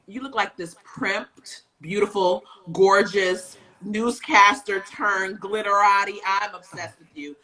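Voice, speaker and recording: A woman's voice: medium pitch, takes it slowly, hardly any pauses, pushed and bright. A woman hosting a livestream show, hyped and playful as she greets viewers and reads out their comments over a video call. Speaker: host.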